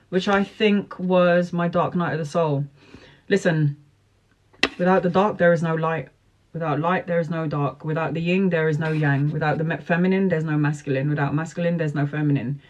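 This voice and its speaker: A woman in her forties talks straight to her viewers in a live chat. She reads tarot and answers their questions. Her delivery is earnest and emphatic, and she keeps coming back to motivational slogans as she drives her points home. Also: low-pitched. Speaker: tarot reader.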